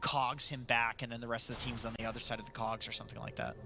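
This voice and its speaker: A man giving relaxed analytical color commentary on an esports match, with lots of fillers and easy laughter. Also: mid-range voice, fast, gravelly, slight background noise.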